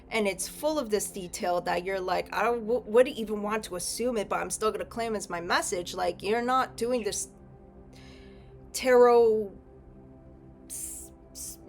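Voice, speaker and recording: Chatty young woman reading tarot. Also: mid-range voice. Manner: chatty, rambling, frequent self-corrections and "okay?". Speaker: tarot reader. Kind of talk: casual tarot reading to camera.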